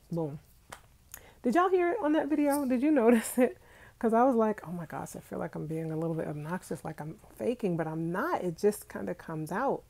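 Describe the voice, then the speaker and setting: A woman's voice: medium pitch, a little mellow. A woman in her forties from Brooklyn, chatting casually with viewers over a handheld phone, laughing often and answering comments. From Brooklyn, New York. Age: 40s. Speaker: vlogger. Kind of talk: casual live chat with viewers. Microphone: phone held in hand.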